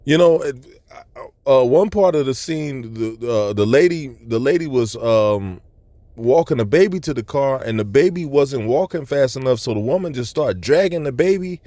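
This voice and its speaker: With a medium-pitched, dark voice and lively intonation, a man relates a vision as his personal religious testimony at a moderate pace. His account is loose and earnest, drifting through many "you know" asides, with no echo.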